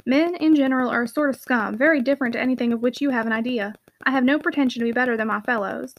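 A woman's voice: on the high side, very fast, no room sound, lo-fi sound, lightly acted. A woman voicing a reserved, brooding young male mill owner in a storybook reading, giving curt, guarded replies. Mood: wry.

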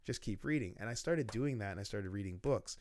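A man talking as a guest in a casual interview, telling lively stories about business and laughing often. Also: fairly low pitch, brisk. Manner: storytelling, animated, laughs often.

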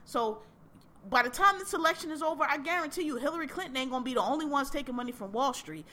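A woman with a high-pitched voice and a bright, sharp tone hosts a podcast. She rants casually about politics, blunt and exasperated, with plenty of swearing. Her sentences often break off and start again. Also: animated, quick pace. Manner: blunt, exasperated, profane, many restarts. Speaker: podcast host.

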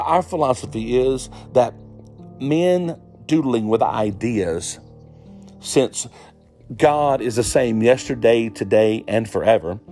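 A man delivers a sermon in an emphatic, repetitive style, pressing points home and rising into exhortations. His voice sits at a middle pitch. Soft guitar music plays faintly behind him. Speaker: preacher.

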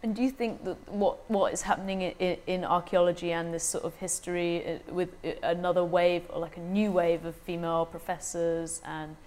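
A woman's voice: lowish voice, level tone, fairly quick, few pauses, darkish tone. A woman hosting a podcast, asking thoughtful questions and reading the show's outro. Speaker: podcast host.

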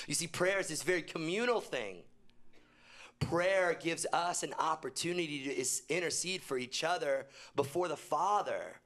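A young man preaching a sermon to his church, animated, often jumping high and loud for emphasis and dropping low and quiet when he quotes. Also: moderate pace. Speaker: pastor. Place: church auditorium.

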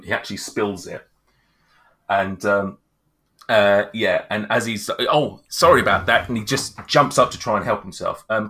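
A man running a tabletop game as game master, narrating in a halting way with many restarts. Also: lowish voice, sharp tone.

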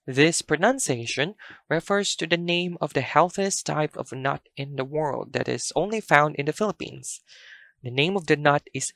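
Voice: mid-range voice, moderate pace, vocal fry, a bit bright, no echo. A language teacher giving a pronunciation lesson, patiently spelling words out letter by letter and repeating each example.

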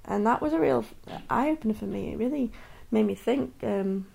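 A woman's voice: fairly high pitch, moderate pace, vocal fry, husky. A woman in her thirties speaking candidly and earnestly in a personal podcast monologue. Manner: candid and earnest, many restarts and soft laughs. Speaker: podcast host.

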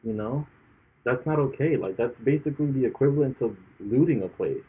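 A man's voice: mid-range voice, lively intonation, brisk, slightly rough. A man in casual chat who argues emphatically, driving points home with repetition. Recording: tinny lo-fi phone-like audio.

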